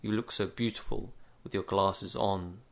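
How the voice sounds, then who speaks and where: A man's voice: lowish voice, steady tone, a little slow, gravelly. A man voicing a stiff, scheming reading-group leader with a clipped, grave manner. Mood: smooth.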